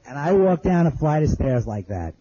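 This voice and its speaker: Slightly high and sing-song, his mellow, husky voice moves at normal speed with the top frequencies cut off. He gives spoken testimony to an audience, recounting how he survived in plain, earnest words and repeating phrases as memories come back.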